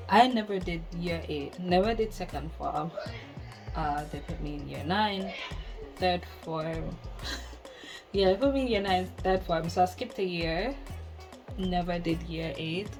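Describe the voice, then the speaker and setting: Lower-voiced Jamaican woman telling a story. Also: poor audio. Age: 20s. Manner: candid, exasperated storytelling with patois slips. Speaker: vlogger. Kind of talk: casual storytime chat. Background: soft background music.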